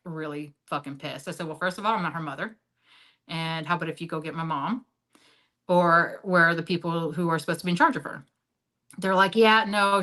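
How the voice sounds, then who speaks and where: A woman guest tells her story in a frank, heavily profane way, peppering her sentences with filler words. Her voice is bright and forceful, and it jumps high when she gets worked up before dropping to low, quiet asides. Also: low-quality recording. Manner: animated, jumps up and drops low in pitch and loudness. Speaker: interview guest. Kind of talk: candid storytelling in a sit-down interview.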